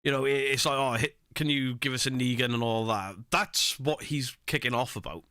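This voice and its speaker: A man's voice: mid-range voice, normal speed, sharp tone, clean tone, no echo, studio quality. A man giving casual, sweary reaction commentary on stream clips, laughing and mocking himself.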